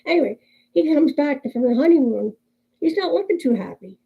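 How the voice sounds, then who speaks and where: A woman's voice: sits high, expressive, a little fast, creaky, muffled recording. A woman in her sixties chatting casually on her vlog, telling family jokes and laughing often. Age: 60s. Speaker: crochet vlogger. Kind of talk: casual chat and joke storytelling.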